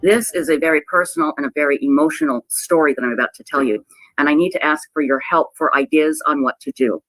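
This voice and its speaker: Halting, emotional woman telling her story. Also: low-pitched, fairly bright tone, no echo, faint music behind, poor audio. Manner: halting, repeats herself, near tears. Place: played clip of a livestream.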